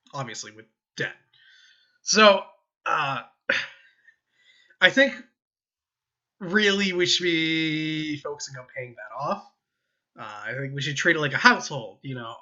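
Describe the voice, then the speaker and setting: A man's voice: on the high side, bright, forceful tone, lo-fi sound. A young American man giving casual, rambling political opinions over gameplay, often chuckling and correcting himself. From United States. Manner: rambling, self-interrupting, with chuckles. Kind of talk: casual rambling commentary while gaming.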